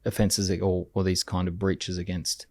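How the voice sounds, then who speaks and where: A man's voice: deep voice, little pitch movement, moderate pace, darkish tone, dry recording, studio quality. A man co-hosting a podcast who questions definitions skeptically and often restarts his sentences. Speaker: podcast co-host. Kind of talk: conversational podcast debate.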